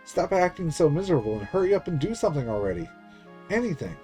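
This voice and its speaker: A man voicing a small girl calling out desperately in the dark and demanding help. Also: on the high side, sing-song, fast talker, faint music behind, pitched above the performer's own voice. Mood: frantic, demanding. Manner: pleading, shouting into the dark.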